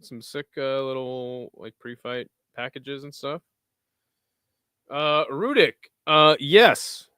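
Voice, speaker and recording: A young American man hosts a casual fight watch-along stream, firing back at chat messages with dry sarcasm as he reads them. His mid-range voice moves slowly and sounds sharp and clean, with no room sound.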